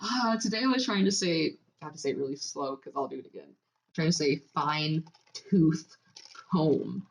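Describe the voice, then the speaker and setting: A woman's voice: low voice, lively intonation, quick pace. A woman co-hosting a podcast in casual chat, laughing often and swearing casually. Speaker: podcast co-host.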